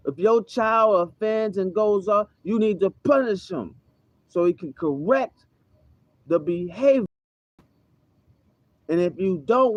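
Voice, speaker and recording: Male preacher, deliberate and emphatic, slow, dry and a bit muffled. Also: high voice, no echo. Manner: emphatic, frequent "okay?" and "all right?" checks. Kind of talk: religious teaching. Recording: slightly dull, dry sound.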